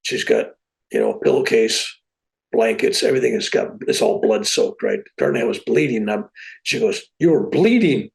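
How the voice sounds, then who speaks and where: Gravelly-voiced man telling a story. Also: fairly low pitch, fairly quick, rough recording. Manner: animated, with a relaxed plain-spoken delivery. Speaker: podcast guest. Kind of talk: casual spoken storytelling.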